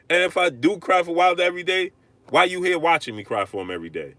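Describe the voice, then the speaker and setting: A man hosting a live-stream boxing rant, arguing hard, repeating himself and shouting out viewers. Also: medium pitch, fast talker, dry recording. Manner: animated, repetitive, argumentative, shouting out viewers. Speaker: livestream host.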